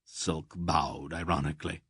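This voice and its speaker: A man narrates a fantasy audiobook in a very low, unhurried voice, nudging his tone a little for each character. The sound is dry and close, with no room around it. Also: level tone, fairly bright tone, slightly rough, no room sound. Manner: reads all characters with slight voice shifts. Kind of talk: scripted narration.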